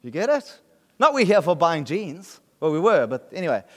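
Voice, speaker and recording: Fairly high in pitch and a bit bright, this South African pastor's voice swings widely as he preaches at a moderate pace. His sermon feels like conversation, full of questions to the room about whether they get it, and a long reverb tail follows.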